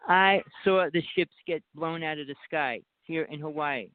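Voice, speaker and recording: A man's voice: on the high side, normal speed, no echo. A man with a New Jersey accent, a guest on a call-in talk show, telling long rambling stories in an insistent way. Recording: dry, phone-like line.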